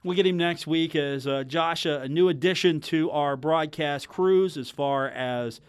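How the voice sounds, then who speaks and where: Chatty male sports radio host, raspy-free and dry. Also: on the high side, a little slow, no echo. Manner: rambling, joking, lots of restarts. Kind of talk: live sports radio talk. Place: radio studio. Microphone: studio microphone.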